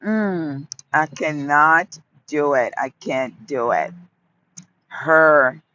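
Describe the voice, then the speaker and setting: A woman's voice: low voice, extremely slow, pushed and bright, muffled recording. A woman in her fifties from Haiti hosting a casual outdoor phone livestream, talking with viewers and repeating her phrases fondly. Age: 50s. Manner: affectionate, repeats phrases, greets viewers by name. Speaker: livestream host. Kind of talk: casual live chat answering viewers. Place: outdoors in a sunny park.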